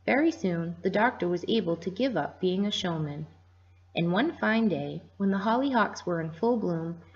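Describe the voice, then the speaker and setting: A woman reading a children's story aloud to listeners in a gentle storytelling manner, in a dull lo-fi recording. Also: on the low side, expressive, moderate pace, slightly rough.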